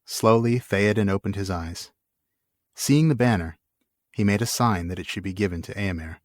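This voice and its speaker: A man co-hosting a podcast, reading a book passage aloud and chatting casually. He speaks in a low, steady voice. The recording is dry and close. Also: normal speed, no room sound. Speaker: podcast co-host.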